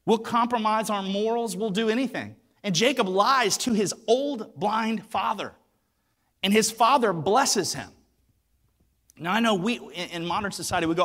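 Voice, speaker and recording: High, lively-voiced man preaching. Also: normal speed. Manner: animated storytelling with acted voices; emphatic, repeats words for weight. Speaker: pastor. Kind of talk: sermon.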